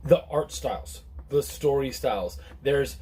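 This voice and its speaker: A man reviewing a comic book in a casual, relaxed chat to camera, rambling with many restarts and fillers. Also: unhurried, breathy edge. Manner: relaxed and low-key.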